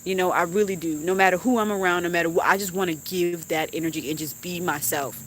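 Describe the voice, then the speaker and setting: A young woman venting on a live stream in a heartfelt, animated way, with swearing and laughter. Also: lowish voice, fast talker, a little hiss or hum. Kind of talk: emotional casual chat.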